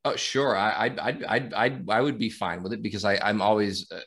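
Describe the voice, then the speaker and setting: A man on a casual sports podcast, giving his views haltingly and repeating words as he thinks. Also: on the low side, fairly bright tone. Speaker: podcast co-host.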